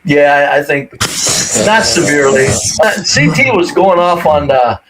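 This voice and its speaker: A man co-hosting a casual online chat show, his voice pitched somewhat high. He speaks bluntly, swears freely and states his opinions flatly. The recording has a clear hiss of noise behind him. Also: unhurried. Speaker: co-host. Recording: noisy audio.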